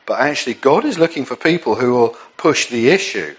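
A man's voice: medium pitch, expressive, a little fast, lo-fi sound. An English man preaching a sermon in a conversational way, with frequent restarts and asides. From England.

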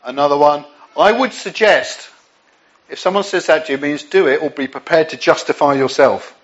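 A man's voice: a little high, fast talker, dull audio. An English man preaching a sermon in a conversational way, with frequent restarts and asides. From England.

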